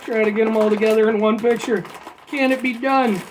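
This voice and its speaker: A man's voice: sits high, a little fast, slight background noise. Male vlogger, casual tasting review, hyped and punchy. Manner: excited, punchy shouted reveals. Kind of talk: casual candy-tasting vlog.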